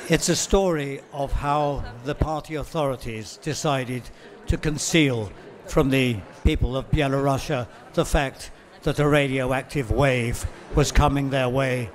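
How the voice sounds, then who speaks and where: A man with a mid-range voice speaks as a literary translator at a book fair, reading passages at a measured pace with the odd "um" and self-correction.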